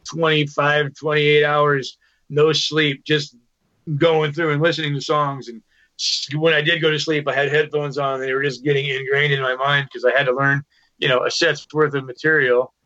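A man's voice: on the high side, level tone, moderate pace, bright, forceful tone. A male musician guest telling stories in a loose, rambling way, full of restarts and "you know". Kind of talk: casual storytelling interview. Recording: dull lo-fi sound.

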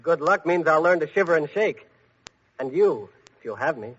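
An actor playing Bud, a fearless, cheeky young hero, joking and unflappable, in 1940s radio drama. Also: male voice, a little high, expressive, moderate pace, a bit bright, slightly rough. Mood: cocky. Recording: dull old radio broadcast with hiss.

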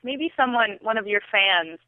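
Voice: mid-range voice, expressive, moderate pace, dry recording. A podcast co-host in casual chat, teasing playfully. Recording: tinny phone line.

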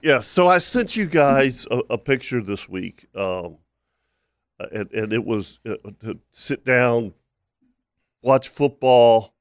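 A man's voice: medium pitch, expressive, slow, no echo, studio quality. A man co-hosting a radio show, chatting in an easygoing, agreeable way and tripping over his words now and then. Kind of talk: casual radio banter.

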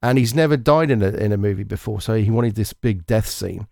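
A man's voice: lowish voice, a little fast, creaky, warm tone, no echo, studio quality. A man hosting a casual movie review podcast. He rambles, corrects himself and gives blunt opinions. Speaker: podcast host.

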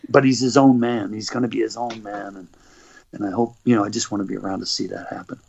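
A man's voice: on the low side, quick pace, vocal fry, slight background noise. A middle-aged Canadian man telling rambling stories as an interview guest, with frequent restarts. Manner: rambling, animated anecdotes with frequent restarts and laughs. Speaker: guest, motivational speaker and former athlete. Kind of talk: conversational storytelling. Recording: dull lo-fi recording.

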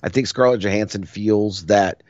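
Animated man chatting on a podcast. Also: lowish voice, moderate pace, dry recording. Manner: animated, slips into mock voices and laughs. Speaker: podcast co-host. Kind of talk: casual chat. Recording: dry, slightly dull audio.

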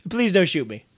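A man's voice: sits high, fairly bright tone, no room sound, clean studio sound. A man hosting a podcast, stumbling over his words and joking about his own mistakes in a casual outtake. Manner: flustered, tongue-tied, laughing at his own slips. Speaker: podcast host.

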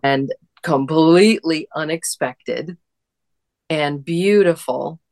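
A married woman in a casual conversation, sharing a personal memory in an earnest, gentle way. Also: low-pitched, takes it slowly. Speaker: guest in a conversation. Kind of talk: casual reflective chat.

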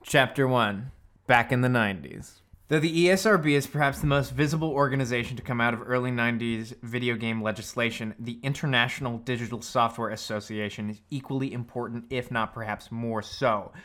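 A man's voice: mid-range voice, a bit bright. Man reading a prepared podcast story. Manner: measured storytelling with casual asides. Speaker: podcast co-host.

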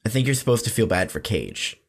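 A man's voice: on the low side, sing-song, brisk, vocal fry, husky. A man co-hosting a casual movie-review podcast, with a dry, teasing sense of humor. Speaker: podcast co-host.

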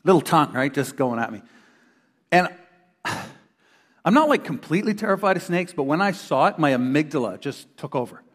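A middle-aged man preaching a sermon to a congregation in a church hall, an animated storyteller who acts out the voices of the people he quotes. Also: on the high side, a little fast, long pauses, husky. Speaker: pastor. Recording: long reverb of a large hall.

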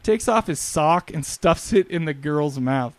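A man hosting a podcast, chatting casually about a film, animated and joking with quick asides. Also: a little high, no room sound. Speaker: podcast host. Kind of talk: casual movie review chat.

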